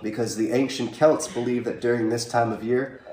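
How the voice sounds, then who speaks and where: A man's voice: medium pitch, fairly even intonation, moderate pace, a little mellow, a little hiss or hum. A man pastor giving a live sermon in a small chapel, talking in a conversational way and asking the congregation questions. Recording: echoey room, from a distance.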